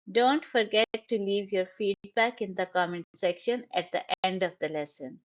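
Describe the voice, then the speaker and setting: A woman teaching English vocabulary, pronouncing each word slowly and carefully, syllable by syllable. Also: mid-range voice, highs cut off. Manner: slow, careful, syllable-by-syllable pronunciation. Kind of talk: pronunciation lesson.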